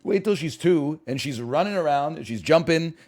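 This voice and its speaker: A man's voice: on the high side, animated, moderate pace, a little mellow. A man streaming and chatting casually, rambling, sarcastic and profane, with frequent stammers and restarts.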